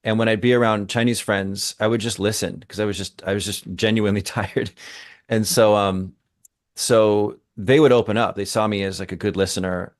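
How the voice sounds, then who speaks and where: A man co-hosting a podcast, talking in an emphatic, engaged way and thinking aloud as he goes. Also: lowish voice. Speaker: co-host, language teacher. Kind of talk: conversational podcast discussion.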